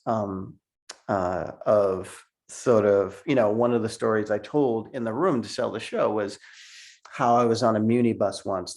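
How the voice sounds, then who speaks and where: Speaking with a fairly low, slightly mellow voice, the middle-aged cartoonist guest shares stories over a video call. The interview is casual, and he laughs a lot and repeats words along the way.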